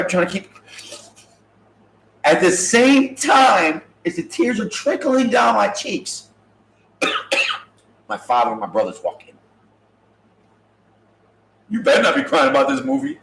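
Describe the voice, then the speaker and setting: Animated joking man in an echoey room. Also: sits high, measured pace, gravelly, long pauses, a little hiss or hum. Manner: animated, joking, acts out quoted voices. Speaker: podcast host. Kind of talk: casual comedic storytelling.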